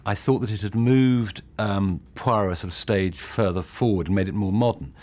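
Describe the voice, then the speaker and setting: Director guy, lowish voice, chatting keenly about making the film. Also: normal speed, a little mellow. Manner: fluent, eager explaining with fillers. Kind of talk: behind-the-scenes interview.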